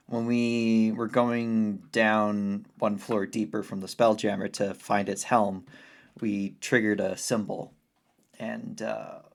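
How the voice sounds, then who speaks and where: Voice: mid-range voice, gravelly. A player in a tabletop game speaking in character in a rambling way, stumbling over words and laughing often. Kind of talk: casual tabletop play.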